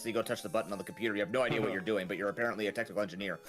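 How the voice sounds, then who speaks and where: A man's voice: medium pitch, steady tone, racing, hardly any pauses, a bit bright, soft background music. A man co-commentating a speedrun, playfully retelling the game's story and acting out its dialogue. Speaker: co-host commentator. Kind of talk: casual game commentary.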